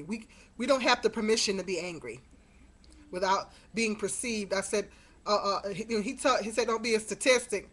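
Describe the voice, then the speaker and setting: A woman's voice: mid-range voice, moderate pace, a bit bright. A middle-aged woman telling a story to her webcam in a rambling, exasperated way, with many fillers. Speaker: vlogger. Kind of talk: casual webcam monologue. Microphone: webcam mic.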